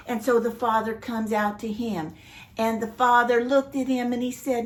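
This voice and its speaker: An older woman telling a Bible story to children, animated and playful, addressing her young listeners directly. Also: fairly high pitch, unhurried. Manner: animated, warm-hearted, playful.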